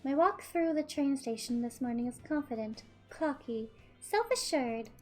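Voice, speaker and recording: A woman putting on a gloating psychopathic young woman from a visual novel, cool and smirking, her voice pitched high yet kept low and hushed, with soft music playing faintly underneath. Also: animated, normal speed. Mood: smug, gloating. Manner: cold, smirking, low and quiet delivery. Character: smug psychopathic young woman who fakes deaths. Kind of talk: reading a visual novel aloud in character.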